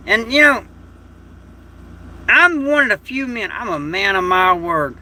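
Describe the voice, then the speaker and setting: High, gravelly man chatting. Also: animated, normal speed, pushed and bright. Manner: rambling, folksy, emotional. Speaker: livestream host. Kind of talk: casual livestream chat. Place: home at night.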